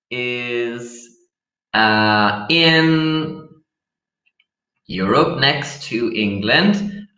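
A man from Ireland, teaching an online English lesson slowly, with many pauses and fillers. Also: mid-range voice, bright, forceful tone. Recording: echoey room, dull lo-fi sound.

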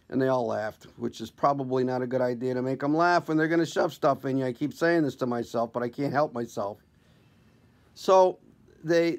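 Brief: male comedian, self-deprecating storyteller, slightly high voice, casual. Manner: wry, conversational, self-deprecating. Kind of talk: comic personal storytelling to camera.

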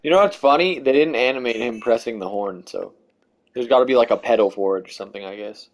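A man's voice: medium pitch, fast talker, poor audio. A young man hosting casual gaming commentary, joking and teasing his friends over a headset mic on a voice call. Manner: joking, playful banter. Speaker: gaming channel host.

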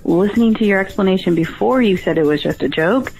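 A woman's voice: mid-range voice, animated, fast talker, vocal fry, a little mellow, husky, soft background music, low-quality recording. A woman caller scolding the hosts sarcastically in a voicemail. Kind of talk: ranting voicemail.

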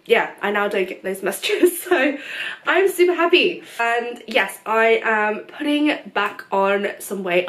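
A woman's voice: medium pitch, fairly bright tone. A young woman vlogging a casual life update to her viewers, chatty and open, with many fillers and frequent laughs. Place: at home.

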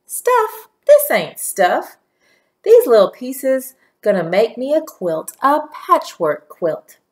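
A woman voicing a warm, proud elderly grandmother who speaks in a folksy dialect with slow, emphatic phrasing. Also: a little high, huge pitch swings, voice pushed up, exaggerated voice.

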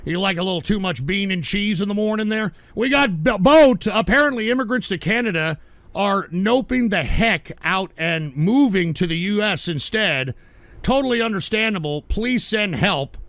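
High, gravelly voice of a ranting male streamer. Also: a bit bright, dry recording. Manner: angry, profane ranting. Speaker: livestream host. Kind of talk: live call-in stream, reading donations.

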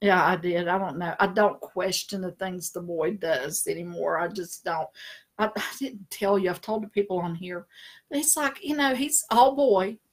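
Her voice sits fairly low and moves at normal speed as this middle-aged spiritual consultant chats on a live stream. She laughs frequently, spins stories, and puts on funny, animated voices.

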